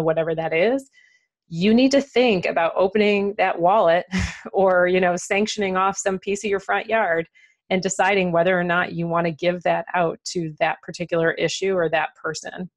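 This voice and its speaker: A woman's voice: on the low side, moderate pace. A woman author and entrepreneur talking candidly in an interview, laughing often and using lots of fillers. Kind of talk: conversational interview.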